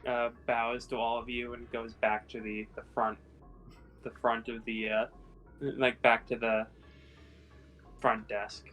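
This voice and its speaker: Slow, rambling male game master. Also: medium pitch, level tone, narrow, tinny audio, soft background music. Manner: rambling, many fillers. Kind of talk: casual game narration.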